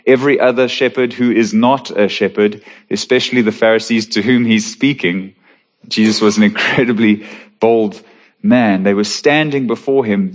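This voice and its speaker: Low-voiced man preaching an earnest sermon. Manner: earnest, emphatic preaching with slow stressed phrases. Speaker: pastor.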